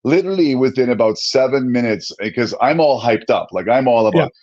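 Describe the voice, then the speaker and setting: A man in a casual podcast chat tells stories in an animated, self-deprecating way. His voice sits at a middle pitch. The audio is a little dull and muffled. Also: fairly quick. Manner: animated, self-mocking storyteller. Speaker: podcast co-host.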